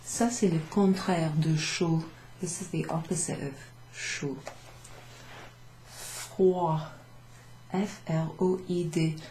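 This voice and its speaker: Woman language teacher, low and unhurried, echoey room with faint hiss. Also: steady tone, dark tone. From Wales. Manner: slow, patient explaining, switching between English and French. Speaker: French teacher. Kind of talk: relaxed classroom recap lesson.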